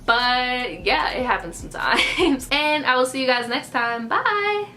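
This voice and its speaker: A woman's voice: on the high side, expressive, measured pace, pushed and bright, soft background music. A young woman telling a casual storytime vlog, chatty and loose, full of "like" and swearing. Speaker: vlogger.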